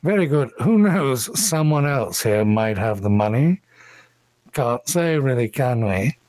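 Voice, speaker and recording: A man's voice: medium pitch, lively intonation, measured pace, a little mellow, dry recording, lightly acted. A man voicing a suave, cultured male elf attorney who speaks in polished, courtly phrases.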